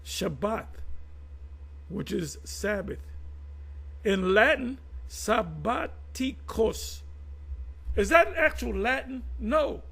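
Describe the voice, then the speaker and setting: A man's voice: high voice, lively intonation, takes it slowly, gravelly, pauses often, a bit bright, slightly rough, rough recording. A man giving informal religious commentary to his viewers, reading definitions aloud and explaining them in a conversational way that often repeats itself.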